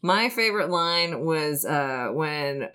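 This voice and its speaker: A woman's voice: deep voice, expressive, slow, pushed and bright, clean tone. A woman co-hosting a casual movie review podcast, chatty and enthusiastic, steering the conversation with questions and box office figures. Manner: chatty, enthusiastic, leads the segments. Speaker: podcast co-host.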